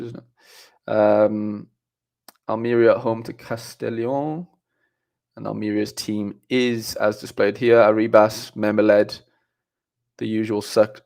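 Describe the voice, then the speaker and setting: Chatty young man, lowish voice. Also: creaky, a little mellow. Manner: chatty, rambling, frequent fillers and restarts. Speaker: livestream host. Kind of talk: casual live-stream chat reading viewer comments.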